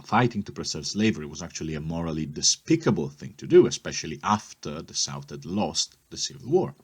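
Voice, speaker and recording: Low raspy guy teaching a history class, explains step by step, keeps asking okay?. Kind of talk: recorded history lesson.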